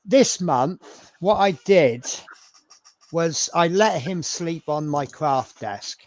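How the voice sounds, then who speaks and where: A man's voice: a little high, animated, slow pace, no room sound. A man hosting a live model-building stream, chatting in a rambling, self-mocking way. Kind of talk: casual live-stream chat.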